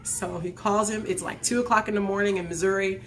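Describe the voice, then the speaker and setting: A woman in her forties hosting a live talk show, telling a personal story to her viewers in an animated way and laughing as she goes. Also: medium pitch, brisk, a little hiss or hum. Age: 40s. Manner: speaks straight to her viewers. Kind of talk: casual storytelling to a live chat.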